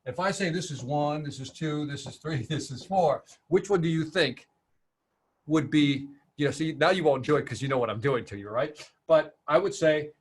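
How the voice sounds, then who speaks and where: A man with a slightly raised pitch answers a webinar question over a video call. He tells stories with energy and slips into the voices of the people he quotes. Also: husky. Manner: animated storyteller, acts out quotes. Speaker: sales trainer.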